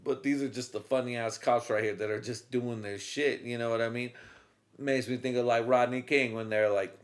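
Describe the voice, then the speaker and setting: A man hosting a comedy podcast, telling crude stories in a rambling, profane way and breaking into loud voices for the people in them. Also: mid-range voice, steady tone, normal speed. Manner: profane, rambling, acts out characters in loud bursts. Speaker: podcast host.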